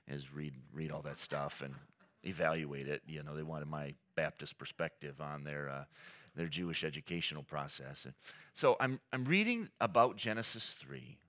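A man's voice: rumbling low, animated, normal speed, fairly bright tone. A man preaching a sermon as pastor, earnest and emphatic, mixing teaching with personal stories.

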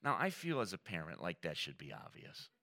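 Male pastor, sermon, conversational and animated, swinging pitch, bright voice. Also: brisk. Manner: animated, conversational preaching with quoted asides.

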